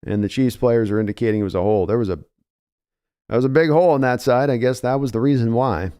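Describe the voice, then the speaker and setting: A man in his early morning voice calls a game play by play like a fan. His tone is smooth and resonant, sitting at an ordinary pitch. He stays chatty between snaps and lifts when a runner breaks loose. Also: quick pace, mellow. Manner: conversational, climbs in pitch and energy on big plays. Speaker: live reaction host.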